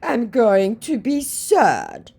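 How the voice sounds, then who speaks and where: A woman voicing a pleading older male romance scammer who speaks slow, broken English. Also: a little high, wildly swooping pitch, vocal fry, darkish tone, husky, voice pushed up, heavily acted.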